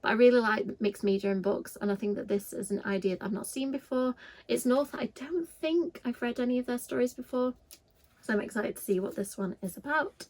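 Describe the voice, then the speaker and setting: A woman's voice: a little high, a little fast, a little mellow, rough recording. A woman with a Yorkshire accent chatting casually and enthusiastically to camera about her reading list, with frequent ums. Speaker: book vlogger. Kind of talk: casual book chat to camera.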